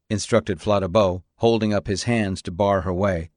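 A man narrating an audiobook in a steady, even storytelling voice. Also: fairly low pitch, normal speed, no echo, studio quality.

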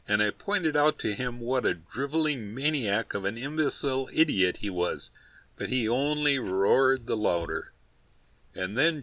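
A man's voice: mid-range voice, sharp tone, dry recording. A man reading a comic novel aloud as an audiobook narrator, in a wry, storytelling manner. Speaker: audiobook reader. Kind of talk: scripted narration.

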